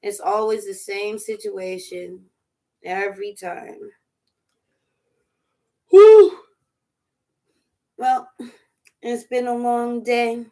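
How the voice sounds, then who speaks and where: A woman chatting casually over dinner as a vlog host, animated, laughing often and riffing through asides. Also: a little high, extremely slow, long pauses. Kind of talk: casual chat while eating dinner.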